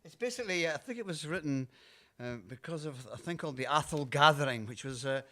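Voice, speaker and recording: Speaking fast with lively intonation in a fairly high, fairly bright voice, a Scottish singer-songwriter fills the gaps between songs on his live show with casual chat over guitar. He rambles, hesitates and uses lots of fillers, patiently walking his listeners through things.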